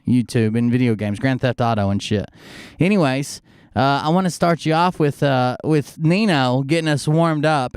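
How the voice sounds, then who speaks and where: A man hosts a live stream on a close desk mic, his mid-range voice clean and echo-free in studio quality. He's a little sick and rambles loosely, swearing and leaning heavily on fillers.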